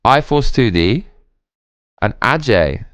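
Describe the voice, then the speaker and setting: A man's voice: mid-range voice, lively intonation, takes it slowly, a bit bright, dry recording, studio quality. A man streaming a game, talking casually to his chat while drunk, rambling and swearing.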